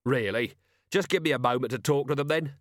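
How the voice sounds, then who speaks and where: A man's voice: medium pitch, fairly quick, no echo, lightly acted. A man doing a weary, ironic watch commander. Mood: dry. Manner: dry, ironic, clipped. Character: weary, dry-witted male watch commander. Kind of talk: audiobook character voice.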